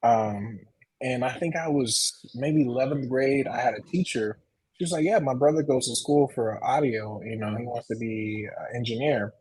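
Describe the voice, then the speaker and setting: A man's voice: medium pitch, a little mellow, slightly rough, low-quality recording. A young man from Texas and Arkansas, a photographer guest on a podcast, speaking in a laid-back, easygoing way with dry humor. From Texas and Arkansas, USA. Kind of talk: casual interview chat.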